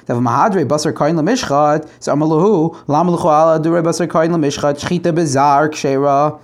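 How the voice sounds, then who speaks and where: A man's voice: on the high side, a little fast. A man teaching a Talmud page aloud, translating line by line, asking rhetorical questions and restarting phrases.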